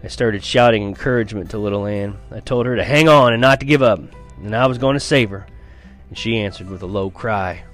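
A man's voice: fairly low pitch, a little fast, soft background music. A man reading a first-person novel aloud in an earnest storytelling manner, with small stumbles and restarts. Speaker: reader of a novel.

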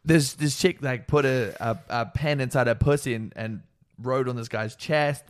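A man's voice: medium pitch, moderate pace. Brash young man telling wild stories. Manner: brash storytelling, acts out quotes. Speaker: podcast co-host. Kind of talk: crude casual chat.

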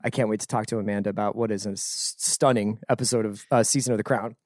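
A man's voice: on the low side, fairly even intonation, darkish tone, no room sound, clean studio sound. A man hosting a podcast, introducing the show and chatting in an upbeat, jokey way. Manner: upbeat, jokey, quick to riff. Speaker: podcast host. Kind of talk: casual podcast chat.

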